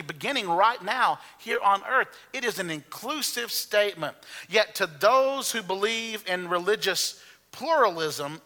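A man in his fifties delivers a sermon with a brilliant, ringing tone. He sits somewhat high for a man, leaning hard on key words as he preaches. A long church reverb trails behind him. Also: bright, forceful tone. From Alabama, US. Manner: earnest, emphatic preaching, stressing key words. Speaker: pastor. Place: church sanctuary.

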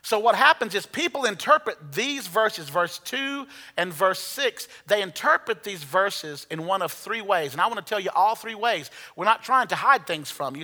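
A man's voice: high-pitched, bright, forceful tone, in a large hall. A male pastor preaching a sermon, playful as he leads the congregation through Bible verses from the platform. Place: church sanctuary.

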